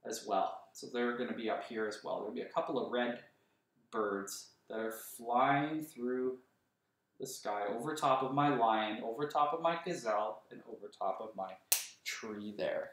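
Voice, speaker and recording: Slow-spoken teacher in an echoey room. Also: male voice, mid-range voice. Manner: slow, sounding out words letter by letter. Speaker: kindergarten teacher. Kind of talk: teaching a writing lesson to young children. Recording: roomy echo, voice a bit far from the mic.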